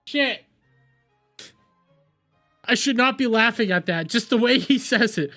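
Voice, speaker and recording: A man's voice: very high-pitched, expressive, measured pace, pauses often, pushed and bright, soft background music. A man hosting his live stream in casual chat, rambling with restarts and self-deprecating asides. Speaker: streamer host.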